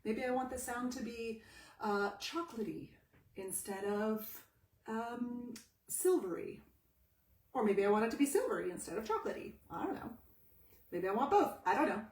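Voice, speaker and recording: Speaking from home, where a pet cat shares the room, a woman voice teacher live-streams a talk in which she poses questions and answers them herself with animation. Her voice is a little high, expressive and darkish in tone, at normal speed. A distant mic picks up the room's echo.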